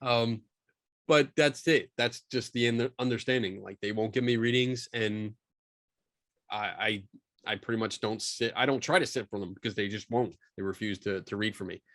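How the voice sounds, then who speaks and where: A man being interviewed about investigating paranormal claims, telling a long story with animated restarts and asides over a video call. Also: lowish voice, normal speed, no echo, clean studio sound. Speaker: guest, skeptical paranormal investigator.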